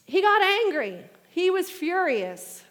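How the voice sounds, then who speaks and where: Woman preacher, high voice, big reverb hall, gets loud and fired up on the big points. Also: slow pace. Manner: animated preaching, rising and loud at emphatic points. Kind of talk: sermon.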